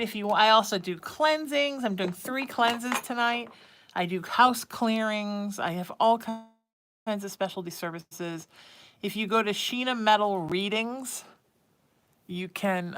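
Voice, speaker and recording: A woman, a psychic medium, chatting casually on a home livestream, doting and often dropping to a hushed murmur. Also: mid-range voice, unhurried, creaky. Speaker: psychic medium hosting a live reading stream. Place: at home with her cat.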